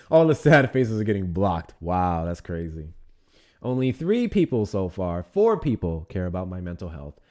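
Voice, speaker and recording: A man's voice: deep voice, very animated, normal speed, darkish tone. A man hosting a casual livestream, talking with a teasing, sarcastic and profane manner. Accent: Texan. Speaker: livestream host.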